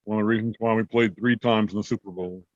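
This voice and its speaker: A man's voice: on the low side, fairly even intonation, quick pace, a little mellow, muffled recording. A man co-hosting casual sports talk, chiming in with short agreeing remarks and quips.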